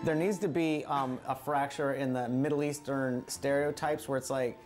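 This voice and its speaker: A man's voice: medium pitch, steady tone, moderate pace, music in the background. A man, a comedian, explaining his views thoughtfully in an interview.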